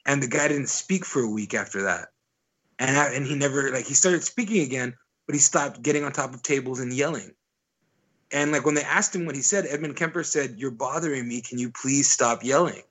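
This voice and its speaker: A man's voice: mid-range voice, fairly quick, fairly bright tone. A young adult man co-hosting a podcast, telling stories in a rambling, profane, casual way full of filler words. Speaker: podcast co-host. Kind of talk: casual storytelling chat.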